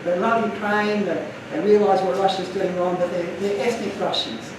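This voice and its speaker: A man's voice: high-pitched, steady tone, normal speed, very echoey, far from the mic, background noise. A man giving an earnest, emotional talk to an audience, telling stories from his slides. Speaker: guest speaker.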